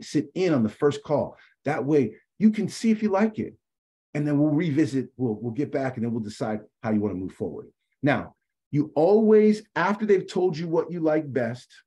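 Husky, warm-voiced male sales coach. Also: medium pitch. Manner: conversational, acts out sample dialogues; says "man" often. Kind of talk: coaching call training.

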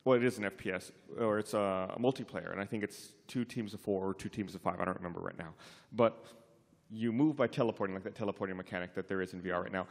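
A man's voice: sits low, fast. A man co-hosting a live convention panel, explaining things at length in casual chat with frequent fillers. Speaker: podcast co-host on a live panel. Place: convention hall stage. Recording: live panel in a reverberant hall.

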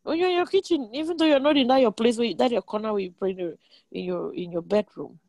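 A woman preaching a sermon, animated and emphatic, repeating lines and jumping in pitch. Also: fast talker, dry recording.

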